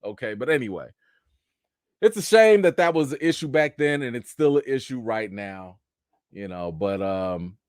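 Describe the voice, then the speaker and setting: A young man hosting a live chat show, animated commentary with mocking asides and rising near-shouts. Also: medium pitch, normal speed, smooth, no room sound, clean studio sound. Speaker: show host.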